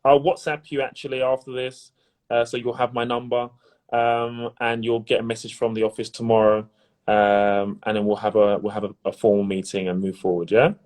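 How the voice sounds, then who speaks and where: A man hosting a pitch competition final over a video call, chatty and upbeat, often repeating his words. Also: flat delivery, moderate pace, a little mellow. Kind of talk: casual live-stream chat.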